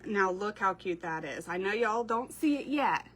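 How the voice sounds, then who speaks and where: A woman's voice: medium pitch, expressive, moderate pace, fairly bright tone, husky. A woman chatting casually while she crafts, answering viewers as she works. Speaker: craft creator. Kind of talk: casual crafting livestream chat.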